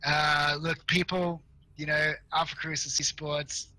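Brief: young male esports caster, hoarse and tired-sounding, bright sharp tone, slightly high voice, eager play-by-play. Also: dry recording, low-quality recording. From Australia or New Zealand. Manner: excitable, fast, rambling with fillers. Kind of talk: play-by-play game commentary.

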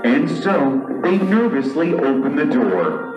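Slow, lively male storyteller. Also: a little high. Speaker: narrator. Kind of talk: storytelling narration. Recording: roomy hall from far off, muffled, music behind.

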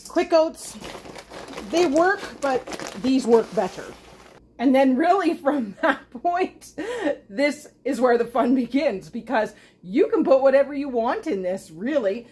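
A woman's voice: high-pitched, lively intonation, unhurried, a little mellow, slight background noise. Chatty woman cooking at home. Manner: chatty and self-deprecating, talking while cooking. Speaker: homesteading channel host. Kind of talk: casual cooking demonstration. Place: home kitchen.

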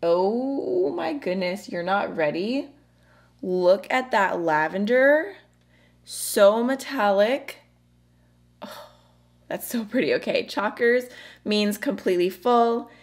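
A bubbly young woman chats through a makeup review at an ordinary pitch for her. She keeps a friendly, casual flow and laughs easily between thoughts. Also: animated, takes it slowly. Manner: bubbly and chatty, laughs often. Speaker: beauty vlogger.

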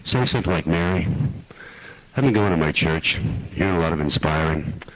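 An older man with a husky voice, leading a slow, earnest guided prayer as a preacher in a sermon. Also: deep voice, expressive, no room sound, lo-fi sound.

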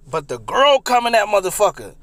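A young man recounts a comic personal story in a high voice. He is animated and profane, and he repeats phrases as he goes. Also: brisk, no room sound.

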